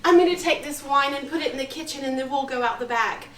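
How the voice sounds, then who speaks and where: An actress playing a pushy, hurried woman in a live stage comedy. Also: high-pitched, fairly bright tone, a little hiss or hum. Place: community theatre stage. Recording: echoey hall, far from mic.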